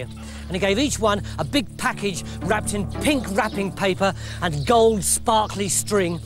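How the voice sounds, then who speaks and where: A man with a high, lively voice tells a comic scripted story at a slightly slow pace. His manner is playful and chatty, with music in the background.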